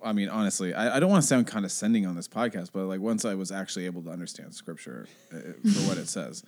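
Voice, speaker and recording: Soft-spoken low-voiced man reflecting. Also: quick pace. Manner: reflective, soft-spoken, acts out quoted exchanges. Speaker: youth pastor. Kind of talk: casual podcast chat.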